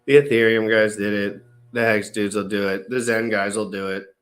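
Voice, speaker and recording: A man's voice: on the low side, fairly even intonation, moderate pace, a bit bright. A man hosting a casual crypto livestream, ranting emphatically to his viewers. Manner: ranting, emphatic pep talk. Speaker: show host.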